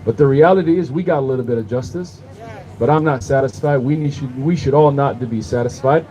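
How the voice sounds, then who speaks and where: A man's voice: medium pitch, a little fast, mellow, low-quality recording. A man delivering an impassioned outdoor protest speech at night, building rhythm through repeated rhetorical phrases. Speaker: rally speaker.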